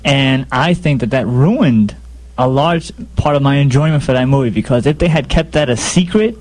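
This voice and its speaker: A man's voice: mid-range voice, normal speed, darkish tone. A man in a casual chat, emphatic and argumentative.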